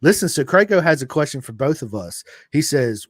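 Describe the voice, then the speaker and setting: A man in casual podcast chat, telling a story with animated acted-out quotes and swearing. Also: a little fast, no echo. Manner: animated, swearing, acts out quotes with big pitch jumps. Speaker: podcast guest.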